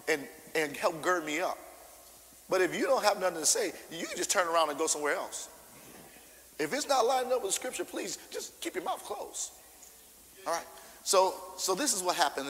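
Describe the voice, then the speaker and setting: A man preaching a sermon, informal and animated, acting out scripture and calling out to the congregation. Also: high voice, long reverb tail, poor audio. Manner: animated, acts out scripture with shouted character voices; informal, call-and-response preaching.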